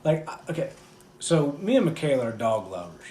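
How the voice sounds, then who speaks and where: A man's voice: medium pitch, sing-song, brisk, warm tone. Casual man swearing on a roomy podcast. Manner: profane, rambling. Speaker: podcast co-host. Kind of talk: casual chat. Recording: roomy echo, faint background hum.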